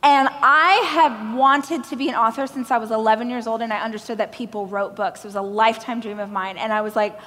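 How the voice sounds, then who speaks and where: A woman from Oklahoma giving a keynote speech on a large stage, telling stories with animated, self-deprecating humor. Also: fairly high pitch, fairly quick, few pauses. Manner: animated storytelling, acting out other people's lines. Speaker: motivational speaker. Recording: reverberant hall from a stage.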